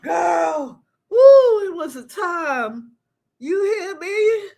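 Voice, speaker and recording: Woman, host, high voice, slow drawl, laughs often, casual storytelling. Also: very animated, creaky, darkish tone. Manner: laughs often, drawn-out exclamations. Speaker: live show host.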